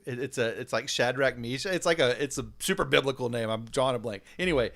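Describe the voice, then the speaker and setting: A man, a pastor hosting a podcast, talking in animated, rambling casual chat with frequent laughs and fillers. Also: mid-range voice, fast.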